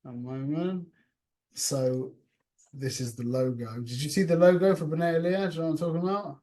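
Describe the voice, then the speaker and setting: A man with a fairly high-pitched voice teaches an informal class over a call. He talks in an animated, conversational way. He restarts his sentences often and mixes in Yiddish and Hebrew words. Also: normal speed.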